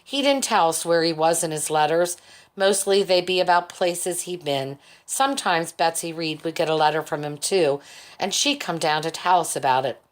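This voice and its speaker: A woman reading a chapter of a novel as an audiobook, measured, lifting her voice for the quoted characters. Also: fairly low pitch. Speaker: audiobook reader. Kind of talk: audiobook narration.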